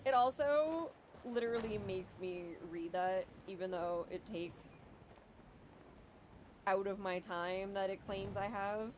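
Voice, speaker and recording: A woman streaming a video game, complaining and cursing at it, swinging between low muttering and loud outbursts. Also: takes it slowly, a little hiss or hum. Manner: frustrated, swearing, swings from muttering to yelling. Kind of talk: live gameplay commentary.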